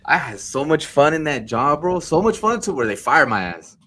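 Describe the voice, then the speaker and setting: A young man telling stories in casual podcast chat, swearing freely and jumping into high voices for the people he quotes. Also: sing-song, normal speed, pushed and bright. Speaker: podcast co-host.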